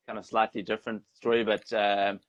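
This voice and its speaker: A young South African ultra trail runner, guesting on an interview show, tells stories in a rambling, laid-back way with a South African accent. His voice is fairly low with little pitch movement and a brisk pace, and the audio sounds dull.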